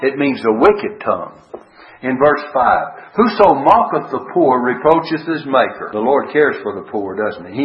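A male preacher giving a verse-by-verse Bible sermon, earnest, asking rhetorical questions, with frequent uh fillers. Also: mid-range voice. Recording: dull lo-fi radio broadcast.

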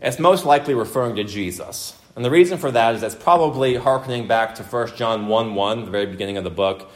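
Speaking quickly in a mid-range voice, this male pastor delivers an expository sermon. His style is emphatic: he restates key points for emphasis and poses questions to the room.

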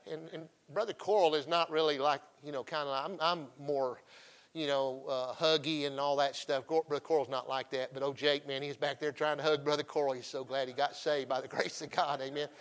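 A middle-aged man preaching a folksy revival sermon, emphatic and swinging between loud calls and hushed asides. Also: fairly high pitch, steady tone, brisk.

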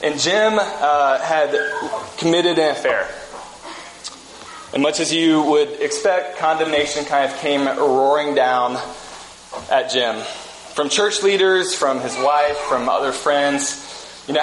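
A man delivers a sermon in a relaxed, storytelling way and often restarts his sentences. His voice sits a little high for a man. The room gives it a clear echo over a faint background hum. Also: takes it slowly. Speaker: pastor. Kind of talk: conversational sermon. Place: church sanctuary. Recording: echoey room with faint ambience.

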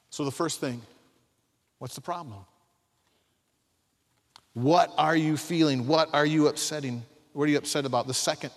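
A man preaching a sermon, emphatic, swinging from soft asides to loud acted-out quotes. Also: on the high side. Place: large hall. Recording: long hall reverb.

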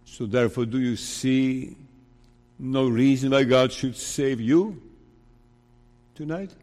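Slow, emphatic preacher in a reverberant hall. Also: male voice, medium pitch, little pitch movement, darkish tone. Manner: deliberate, emphatic preaching with rhetorical questions. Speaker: pastor. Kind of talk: sermon. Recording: long reverb of a large hall.

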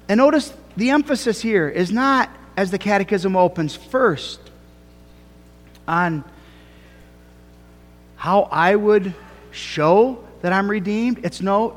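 A man preaching a sermon as a pastor, earnest and emphatic, with slow, deliberate phrasing that rises to fervent cries. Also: high voice. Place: church sanctuary. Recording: long reverb of a church hall.

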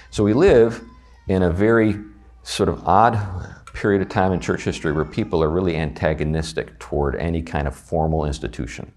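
A man's voice: rumbling low, a little mellow. A man with a Southern US accent teaching a church class on a confession of faith in a conversational way, asking his students questions. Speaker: Bible study teacher.

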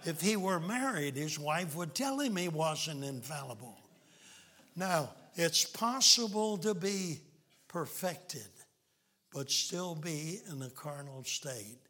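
Slow-talking folksy male preacher. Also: a little high, lively intonation, bright, forceful tone. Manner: folksy storytelling preacher, reads scripture in old-style wording. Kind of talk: sermon.

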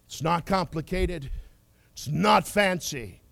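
A male preacher delivers a sermon in a measured, unhurried cadence. His voice is high and swoops widely, rising to loud declarations and falling to near whispers. The sound is dry and close. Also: very animated, no echo. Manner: impassioned, swings from loud declarations to hushed whispers.

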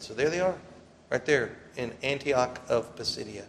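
A man preaching a sermon as pastor, swelling loudly when he quotes scripture and dropping low between points. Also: moderate pace, gravelly. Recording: reverberant hall, faint ambient noise.

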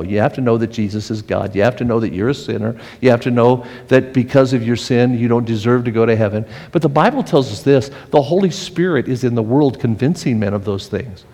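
A male pastor delivering an earnest sermon, with frequent restarts and swings in pace and pitch. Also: darkish tone. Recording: long hall reverb.

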